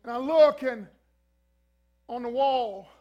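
A male pastor telling a comic story in a sermon, animated, acting out voices and screams and stumbling through bursts of repeated words. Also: extremely high pitch, slow pace, dull audio. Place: church before a congregation.

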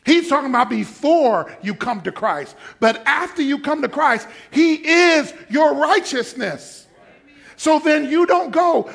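A male pastor with a notably high voice preaches a sermon to his church. He drops into quiet, chatty asides, then climbs to forceful shouted declarations. He keeps pressing the congregation to call out their answers. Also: big pitch swings, takes it slowly, creaky.

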